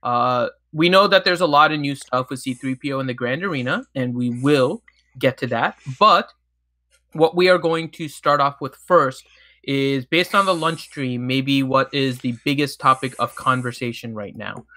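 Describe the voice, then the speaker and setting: Bright-voiced man explaining game mechanics. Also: mid-range voice, measured pace, no room sound. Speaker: co-host of a game livestream. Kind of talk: casual livestream chat.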